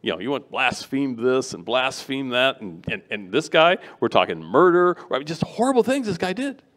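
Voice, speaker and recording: A middle-aged man giving a sermon as a guest preacher, animated and acting out the voices of people he quotes. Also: medium pitch, moderate pace.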